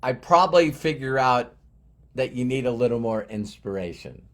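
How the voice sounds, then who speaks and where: A man's voice: mid-range voice, lively intonation, moderate pace, a bit bright. A middle-aged man giving an emphatic motivational talk to his team, repeating key phrases for effect. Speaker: motivational speaker.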